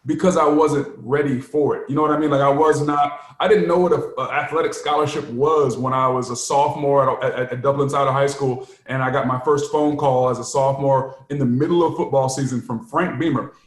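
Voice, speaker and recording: A man who played the game, chatting casually and telling lively stories with laughs. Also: mid-range voice, brisk, few pauses, roomy sound. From United States. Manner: animated storyteller, laughs often. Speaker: podcast co-host, former player. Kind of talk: casual chat.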